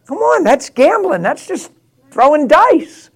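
A man preaching a sermon, rising to passionate, laughing exclamations and dropping to a hushed prayerful tone. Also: very high voice, very animated, a little slow. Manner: drops to a hushed prayerful tone near the end.

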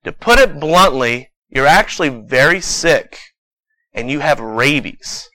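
A blunt, matter-of-fact doctor delivers hard news plainly, as a preacher voices him. The voice stays close to the man's own bright tone. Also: a little high, lively intonation, unhurried, dry recording, rough recording.

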